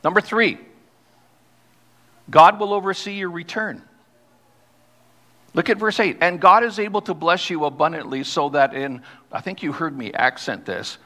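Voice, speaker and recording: A man preaching a sermon as pastor, reading scripture aloud and slowing down to stress key words. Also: on the high side, bright, forceful tone. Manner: reads scripture aloud, then explains it. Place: church sanctuary. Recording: long hall reverb.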